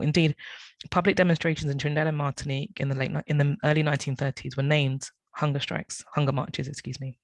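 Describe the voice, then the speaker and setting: A man reads an academic paper aloud from his notes. His voice sits a little high for a man and sounds close and dry. He often stumbles, corrects himself and apologises. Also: dry recording, poor audio. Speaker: academic speaker. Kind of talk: reading a prepared talk.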